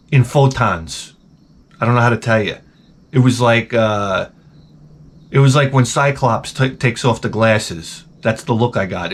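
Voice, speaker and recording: A middle-aged man ranting profanely and animatedly as he tells a comedic story to his camera at home. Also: medium pitch. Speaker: vlogger.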